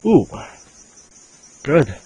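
A man's voice: extremely slow, warm tone, lo-fi sound. A man doing casual game commentary, reading the on-screen game text aloud between offhand asides at his computer. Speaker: let's play gamer.

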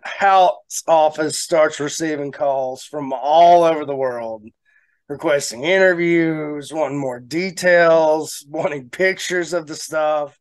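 A man co-hosting a podcast, telling a long story in a casual, animated way and laughing often. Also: a little high, slow pace, clean tone, dry recording. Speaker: podcast co-host.

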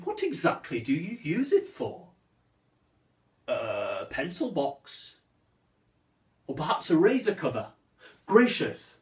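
A man's voice: fairly high pitch, wildly swooping pitch, slow, long pauses, heavily acted. An actor playing a proud, witty swordsman who mocks a rival in a declamatory, theatrical verse monologue. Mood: mocking. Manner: declamatory, mocking, sweeping swings of voice. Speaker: stage actor performing a monologue. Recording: roomy echo, distant from the mic.

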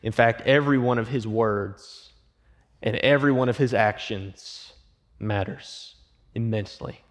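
A man pastor preaching a sermon, acting out quoted voices and dropping to hushed, emphatic lines. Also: on the low side, a little slow. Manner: acts out quoted voices and asks the congregation questions.

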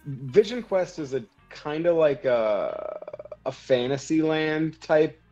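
A man's voice: on the high side, expressive, slow, dark tone. A Minnesotan man co-hosting a podcast, chatting casually in an easygoing way and laughing often. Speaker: podcast co-host. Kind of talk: casual chat. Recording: slightly dull, music behind.

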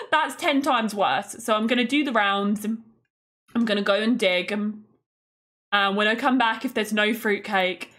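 A woman's voice: medium pitch, expressive, slow, a bit bright. Chatty woman streamer. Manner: chatty, playful, mock-indignant, greets chat. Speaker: gaming streamer. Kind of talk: casual gameplay commentary.

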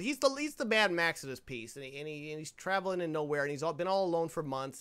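A man hosting a podcast, ranting sarcastically and swearing as he reviews a low-budget film. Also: fairly bright tone, smooth. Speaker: podcast host. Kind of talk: casual movie-review banter.

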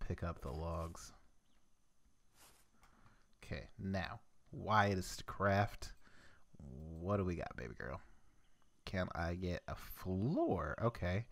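Low, slow-talking young man playing a game. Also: lively intonation. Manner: rambling, muttering to himself, chuckling. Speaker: gameplay commentator. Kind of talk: let's play commentary.

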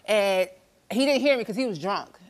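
A woman's voice: fairly high pitch, fast. A woman guest on a talk show, animatedly retelling a relationship fight on a studio stage. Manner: animated storytelling, acting out quarrels.

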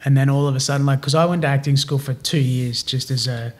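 Australian man in his thirties, podcast guest, lively storyteller who plays out the dialogue, mid-pitched voice. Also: fast talker. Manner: animated, slangy, acts out quoted dialogue. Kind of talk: casual storytelling.

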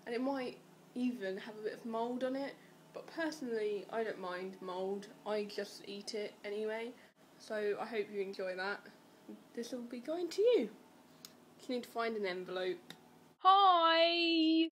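A teenage woman vlogging casually to camera in a deadpan, rambling, silly way. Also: medium pitch, moderate pace, slight background noise.

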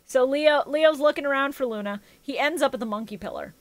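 A woman's voice: sits high, fairly quick. A woman co-hosting a podcast, recapping episodes in a casual, sarcastic, joking way and swearing freely. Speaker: podcast co-host.

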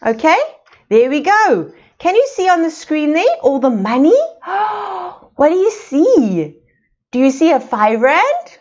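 A woman from South Africa leads a playschool class over a video call. Her voice is high and swoops up and down as she asks slow, sing-song questions. The sound is a little dull and lo-fi. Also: a little mellow. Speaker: preschool teacher. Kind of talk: online preschool lesson.

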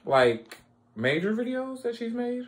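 A man hosting his own music reaction video, chatting casually and excitedly, repeating phrases and laughing often. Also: extremely high pitch, unhurried, heavy background noise. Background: music playing.

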